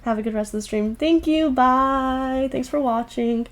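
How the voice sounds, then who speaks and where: A woman's voice: sits high, measured pace. A young woman chatting casually to viewers while streaming a visual novel. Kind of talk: casual game stream chat.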